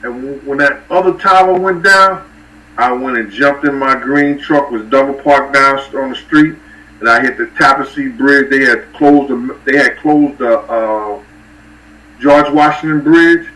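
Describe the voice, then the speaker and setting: A man telling rambling street stories and giving shout-outs to viewers on a casual livestream. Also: mid-range voice, a little slow, recorded from a distance, poor audio. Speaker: livestream host.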